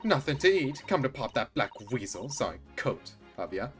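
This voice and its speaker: A man's voice: medium pitch, sing-song, normal speed, soft background music, natural voice. A man voicing a brash young female pickpocket from a video game, reading her lines with mocking street talk. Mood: cheeky.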